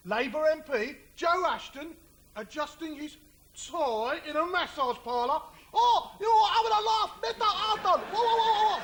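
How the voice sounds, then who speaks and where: A jeering tabloid columnist. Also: male voice, extremely high pitch, fairly bright tone, exaggerated voice. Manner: jeering catchphrase patter, laddish slang. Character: brash male tabloid columnist, adult, cheeky and mocking. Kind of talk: comedy sketch monologue.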